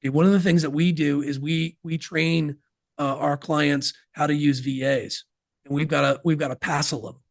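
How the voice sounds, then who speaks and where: Man, podcast guest, emphatic, folksy, higher pitch, dry close sound. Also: steady tone, normal speed, no room sound. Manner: emphatic, folksy, sports analogies. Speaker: sales systems guest. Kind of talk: podcast interview.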